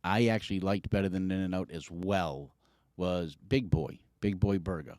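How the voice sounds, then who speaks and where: A middle-aged man, a podcast co-host, telling a long story in casual chat, profane and animated, acting out what people said. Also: deep voice, normal speed, no room sound, studio quality. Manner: animated, profane, acts out quotes.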